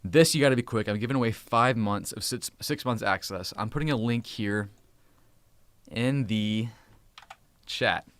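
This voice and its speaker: A man in his thirties hosting a casual live stream, talking in an upbeat, hurried way and now and then hushing his children. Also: on the low side, smooth, no echo. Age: 30s. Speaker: host.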